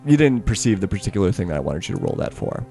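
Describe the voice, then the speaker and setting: A man's voice: lowish voice, sing-song, very fast, mellow, faint music behind. A man narrating a tabletop game as game master, rambling a little with restarts and laughing easily.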